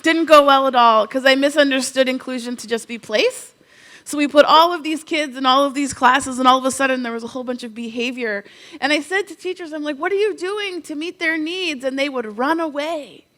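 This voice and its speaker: A woman from Canada giving a conference keynote, telling humorous, animated stories full of quoted asides. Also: high-pitched, fairly quick. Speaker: keynote speaker.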